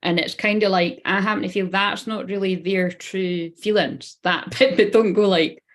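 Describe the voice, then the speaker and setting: A woman's voice: medium pitch, steady tone, normal speed. A woman in her thirties giving a live-streamed card reading, rambling, swearing casually and talking straight to her viewers. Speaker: spiritual reader.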